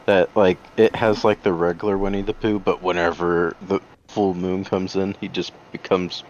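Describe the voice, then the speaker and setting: A young man with a deep voice chats in a laid-back, playful way as a podcast guest. The sound is dull and lo-fi, with a faint hiss behind him. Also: level tone, moderate pace. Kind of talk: casual chat.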